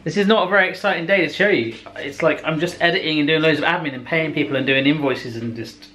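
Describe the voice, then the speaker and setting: A man's voice: on the high side, fast, sharp tone, slight background noise. A man hosting a casual vlog, chatty and jokey. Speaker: vlog host.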